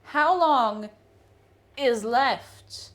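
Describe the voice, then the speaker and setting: A woman's voice: high-pitched, extremely slow, fairly bright tone. A young Irish woman streaming from her home kitchen, chatting casually, rambling through asides and reading viewer messages aloud. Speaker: streamer baking live.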